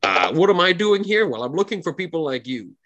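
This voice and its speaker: A man voicing a boastful, roguish male minstrel in a tabletop game, theatrical and quick to take offense. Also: on the high side, sing-song, a bit bright, pitched above the performer's own voice. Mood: eager.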